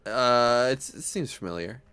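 A man's voice: medium pitch, a little slow, pushed and bright, clear, resonant tone. A man chatting casually and joking with a friend while streaming a game, cursing often. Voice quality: joking, swears freely.

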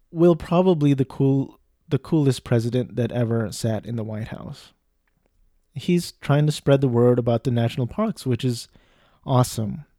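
A man's voice: medium pitch, dark tone, no room sound, studio quality. A man talking in a casual, digressive monologue, losing his thread and circling back. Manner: digressive, lots of fillers and restarts.

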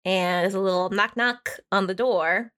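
A woman's voice: medium pitch, normal speed, a bit bright, a little hiss or hum. A woman co-hosting a podcast, casually recapping a story in a chatty manner full of swearing and "like". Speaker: podcast co-host.

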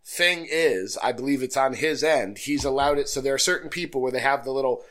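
A man's voice: medium pitch, fairly quick, fairly bright tone. A man co-hosting a casual podcast, joking around and reading listener emails aloud. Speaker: podcast co-host. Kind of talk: casual chat.

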